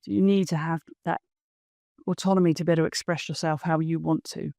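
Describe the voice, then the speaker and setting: A woman hosting a podcast, chatting casually and warmly, with lots of fillers and quick affirmations. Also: deep voice, steady tone, vocal fry, dry recording, clean studio sound. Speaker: podcast host. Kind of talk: casual interview chat.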